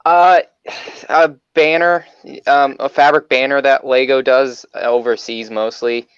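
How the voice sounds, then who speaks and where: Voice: mid-range voice, fairly even intonation, a little slow, clean tone, dry recording, highs cut off. A speaker in a casual online group call, talking with dry, mock-dramatic sulking. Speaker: guest on a stream.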